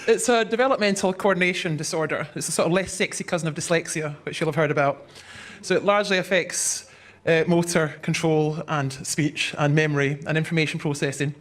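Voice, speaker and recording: A woman's voice: sits low, normal speed. A woman doing stand-up, with dry, wry self-deprecating humor. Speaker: stand-up comedian. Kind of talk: stand-up comedy.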